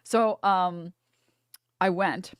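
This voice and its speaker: A young American woman streamer telling a story in casual chat, animated and profane, often laughing through her words. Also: fairly low pitch, drawn-out words, smooth, no room sound, studio quality. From United States.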